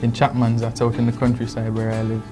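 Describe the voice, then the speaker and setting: A man's voice: medium pitch, completely flat delivery, fast. A Vincentian man, a lawyer who is a guest on a talk show, joking in a playful, dry way. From Saint Vincent. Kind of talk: casual chat. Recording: music playing behind the voice.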